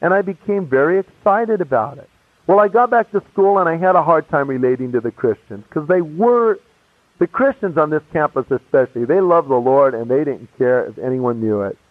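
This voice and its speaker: A man's voice: on the high side, animated, a little fast, no room sound. A man telling a personal story in a casual, chatty way, acting out the people he quotes with shifting voices. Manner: casual, chatty, full of "you know" asides. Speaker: speaker giving a personal testimony. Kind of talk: animated storytelling. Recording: dry, tinny phone-like radio sound.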